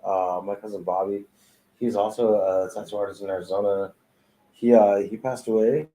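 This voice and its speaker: A man with a somewhat low, dark and mellow voice tells stories from his life as a tattoo artist. He talks casually and profanely, laughing often as he goes. He is recorded in a tattoo studio. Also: fairly even intonation, normal speed, rough recording. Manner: profane, laid-back, laughing storyteller. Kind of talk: casual storytelling chat.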